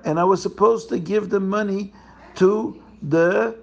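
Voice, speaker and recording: A man's voice: sits high, measured pace, gravelly, lo-fi sound, pitched above the performer's own voice. Man doing a frantic father of the bride. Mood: panicked. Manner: wailing, panicked. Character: distraught father of the bride, middle-aged man.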